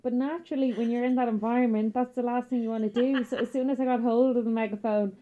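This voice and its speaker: Irish woman with a dark, muffled sound. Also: a little high, fast talker. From Ireland. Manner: animated storyteller, frequent laughter and fillers. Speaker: guest. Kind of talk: casual chat. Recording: muffled, dull audio.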